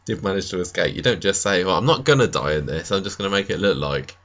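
A man with a very deep voice co-hosts a podcast in a relaxed, rambling way. He talks casually and laughs easily. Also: fast talker, lo-fi sound. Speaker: podcast co-host. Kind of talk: casual chat recapping a soap.

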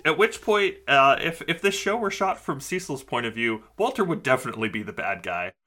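A man's voice: medium pitch, animated, fairly quick, pushed and bright. A man co-hosting a podcast, recapping an episode casually with lots of hesitant ums. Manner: hesitant, many ums and restarts. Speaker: podcast co-host.

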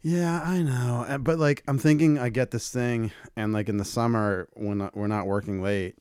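A man's voice: medium pitch, steady tone, normal speed, darkish tone, clear, resonant tone, no room sound, clean studio sound. A man co-hosting a podcast, chatting loosely and telling rambling stories with swearing and laughs. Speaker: podcast co-host. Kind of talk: casual chat.

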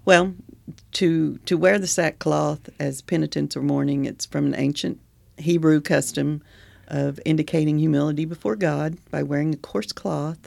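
Gravelly-voiced man musing on poetry. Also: on the high side, steady tone, normal speed, no echo. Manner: thoughtful, laughs often, reads etymology aloud. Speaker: podcast co-host. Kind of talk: casual chat about poetry.

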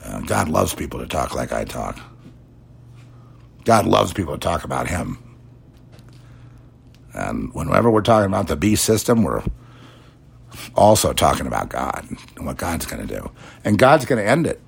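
A man's voice: extremely low pitch, sing-song, moderate pace, gravelly, long pauses, breathy edge. A middle-aged man hosting a religious commentary show, preachy, mocking imagined critics in put-on quoted voices. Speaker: podcast host.

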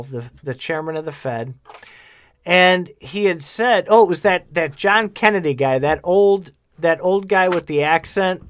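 A man's voice: on the high side, a bit bright. A man co-hosting a casual talk show, ranting bluntly and heatedly about money. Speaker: podcast co-host. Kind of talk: casual chat.

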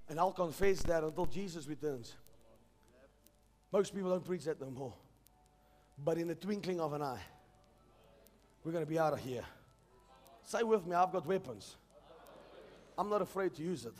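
High-voiced fervent male preacher. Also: moderate pace, big-room sound, soft background music. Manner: fervent, calls congregation to repeat after him. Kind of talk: sermon.

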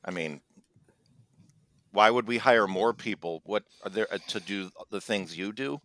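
A man's voice: on the low side, a little slow, a bit bright. A man co-hosting a comedy chat, rambling with many ums and hesitations. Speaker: co-host.

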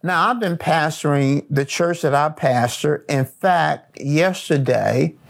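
A middle-aged man preaching a sermon as pastor, repeating phrases with slow, emphatic rhythm. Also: fairly high pitch, gravelly.

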